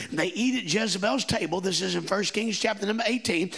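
A man's voice: sits high, normal speed, vocal fry, fairly bright tone, slightly rough. A man preaching a sermon in a church, folksy and joking, rising to emphatic stretches as he retells the story. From Kentucky. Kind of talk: Pentecostal-style sermon. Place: church sanctuary.

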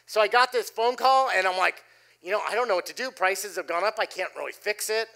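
A middle-aged man preaching a sermon, telling a personal story with animated delivery and dropping his voice low for quoted lines. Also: fairly quick, creaky. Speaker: pastor. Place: church stage before a congregation.

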